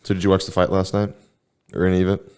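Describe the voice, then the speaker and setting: Young man, very low voice, laid-back deadpan podcast co-host. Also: fast talker, clean tone. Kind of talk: casual chat.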